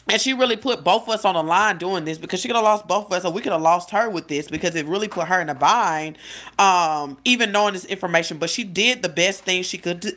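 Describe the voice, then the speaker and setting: A woman's voice: lowish voice, a bit bright. A woman in her late twenties telling a personal story in casual confessional style, chatty and talking straight to her viewers, often correcting herself. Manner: chatty, addresses viewers directly, self-correcting. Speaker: life coach vlogger.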